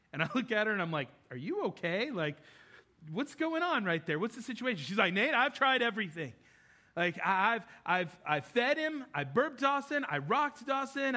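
A man preaching a sermon, telling a family story in an animated, conversational way and acting out the voices of the people in it. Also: high voice. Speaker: pastor.

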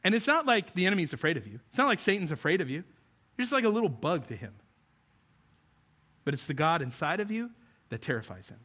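Give me a male pastor with a high voice delivering a conversational sermon. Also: sing-song, fast, long pauses, sharp tone, breathy edge. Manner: conversational, asks the audience questions.

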